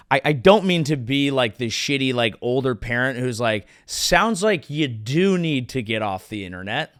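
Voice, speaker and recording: A man's voice: medium pitch, a bit bright, no room sound, studio quality. A man hosting his own comedy show, delivering a sarcastic, riffing monologue. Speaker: comedian host.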